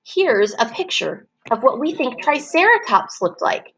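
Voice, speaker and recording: A woman teaching preschool children in an online circle time, slow and encouraging, stretching words out so the children can clap the syllables. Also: sits high, big pitch swings, a bit bright, low-quality recording.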